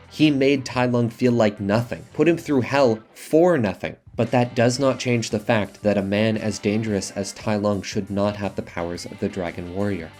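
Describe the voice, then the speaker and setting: A man's voice: mid-range voice, darkish tone. A man delivering a scripted video essay, retelling and judging film scenes with earnest enthusiasm. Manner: earnest, enthusiastic storytelling about films.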